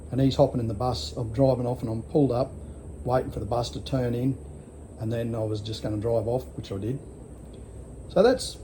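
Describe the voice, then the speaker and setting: A man's voice: medium pitch, mellow, slight background noise. An Australian man in his sixties telling a rambling story in a casual vlog, blunt and full of swearing. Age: 60s. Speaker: vlogger.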